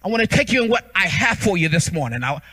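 High, bright-voiced preaching pastor. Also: male voice, big pitch swings, quick pace, breathy edge, low-quality recording. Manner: preaching with shouts and sung cadences. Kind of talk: charismatic sermon. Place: church sanctuary.

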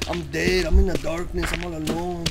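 A young man casually commenting on a horror game as he plays, full of slang and swearing, now and then yelling in panic. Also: fairly high pitch, flat delivery, brisk, creaky, poor audio. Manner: profane, slangy, keeps saying "dog", yells in panic at scares. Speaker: gameplay streamer. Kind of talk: casual let's play commentary. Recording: loud game music behind the voice.

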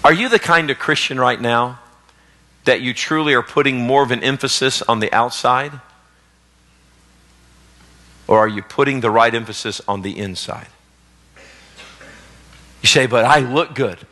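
A man preaching a sermon as pastor, swinging between loud exhortation and hushed storytelling. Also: mid-range voice, unhurried, long pauses. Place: church sanctuary, live service. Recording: long reverb of a church hall.

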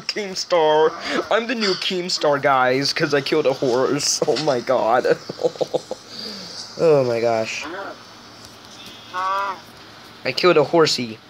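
A gaming video host talks through gameplay in a slow, unhurried way. The commentary is loose and rambling, full of jokes and playful self-mockery. A faint hiss sits under the voice. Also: medium pitch. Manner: joking, rambling, self-mocking.

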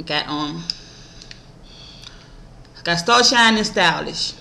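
A woman's voice: fairly low pitch, very slow, gravelly, a little hiss or hum, low-quality recording. A woman, chatting casually to camera about her shopping haul, blunt and profane, telling stories animatedly. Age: adult mother. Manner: animated storytelling, acts out others' voices. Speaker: vlogger showing a shopping haul.

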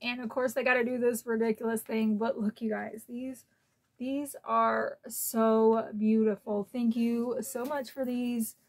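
A woman's voice: on the high side, little pitch movement, measured pace, darkish tone. A woman from Florida opening gifts in an unboxing vlog, gushing and emotional, easily moved to tears. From Florida, USA. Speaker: collector vlogger.

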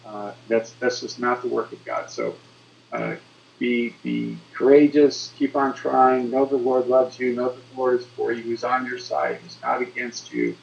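A man's voice: mid-range voice, flat delivery, a little slow, gravelly, muffled recording. A man who is a priest, giving encouraging advice on a panel and often repeating his words.

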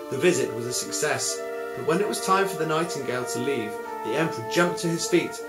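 A man, a music teacher, telling a story in a calm, measured way. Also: on the high side. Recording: roomy, with music behind.

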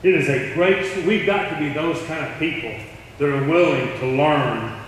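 Telling stories during his sermon, a middle-aged man voices the people he quotes, speaking at normal speed in a voice on the high side. A distant microphone captures him in an echoing church hall, with slight background noise.

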